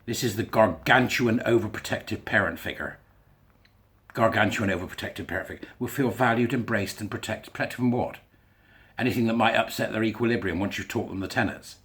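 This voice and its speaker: A man's voice: on the low side, brisk, a bit bright. A man giving a sarcastic, sweary commentary as he reads passages aloud and mocks them. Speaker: commentator reading and rebutting a school policy. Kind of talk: ranting commentary.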